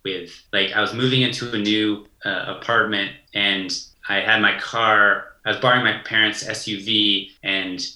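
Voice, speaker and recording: Bright, animated man telling stories. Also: lowish voice, moderate pace. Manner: animated storyteller, acts out quoted voices. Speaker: guest. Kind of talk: casual conversation, storytelling. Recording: roomy echo.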